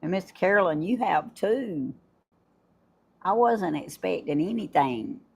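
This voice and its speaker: An older woman hosts a casual live stream, talking straight to her viewers in a slightly husky voice. She speaks slowly and unhurriedly, her pitch swooping up and down as she chats and laughs. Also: lively intonation, darkish tone. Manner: chatty, effusive, laughs often, talks to viewers. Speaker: livestream host. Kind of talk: casual live chat unboxing gifts.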